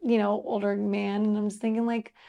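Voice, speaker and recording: A woman musician as an interview guest, chatting casually and telling stories in an animated way, laughing often and using many fillers. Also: mid-range voice, fairly quick, gravelly, highs cut off.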